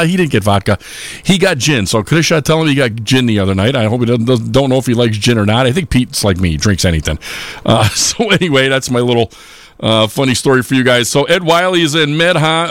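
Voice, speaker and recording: A man's voice: mid-range voice, lively intonation, fairly quick, no room sound. A man hosting a live polka radio show, chatting casually and rambling with lots of filler sounds.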